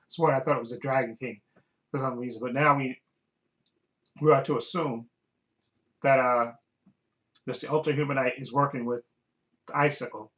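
A man's voice: mid-range voice, fairly bright tone, poor audio. A man casually recapping a TV episode as a reviewer, rambling and often restarting while he searches for words.

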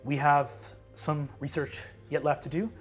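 A man's voice: on the high side, flat delivery, a little slow, breathy edge, faint music behind. A man voicing a practical, dry-humored scholarly woman who speaks in a clipped, matter-of-fact way.

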